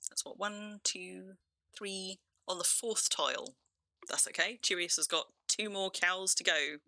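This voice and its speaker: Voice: mid-range voice, measured pace, creaky, bright, forceful tone, dry recording. A game streamer from England with a near-RP southern English accent, chatting casually through play, laughing often and restarting sentences. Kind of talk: casual live-stream commentary.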